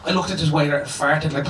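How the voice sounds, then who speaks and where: A man doing a stand-up set, telling a story and acting out the dialogue in an animated way. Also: a little high, distant mic, very noisy. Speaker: stand-up comedian. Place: comedy club on a boat. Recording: echoey club with audience laughter. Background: audience laughter.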